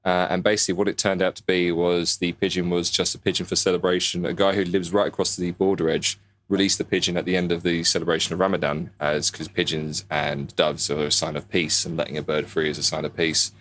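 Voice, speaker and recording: A man's voice: low-pitched, level tone, fast talker, fairly bright tone, slight background noise. A man, co-hosting a podcast, telling a news story in a rambling casual way. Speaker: podcast co-host.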